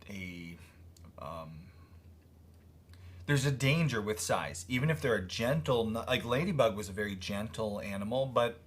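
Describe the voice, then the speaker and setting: A man from Connecticut co-hosting a homestead podcast, talking casually with lively stress and frequent laughs. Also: on the low side. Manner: animated, laughs often, drawn-out emphasis. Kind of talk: casual chat.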